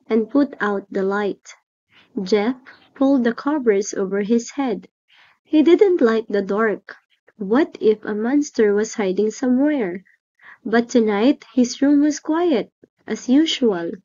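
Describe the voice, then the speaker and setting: A woman reading a children's picture book aloud slowly and clearly. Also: on the high side, mellow, muffled recording. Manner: slow, clear storybook reading. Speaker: storyteller. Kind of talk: children's read-aloud narration.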